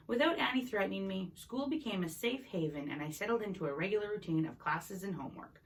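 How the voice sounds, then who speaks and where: A woman's voice: mid-range voice, expressive, fairly quick. A woman reading a novel chapter aloud in an unpolished way, with small slips and restarts. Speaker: reader. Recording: voice a bit distant from the mic.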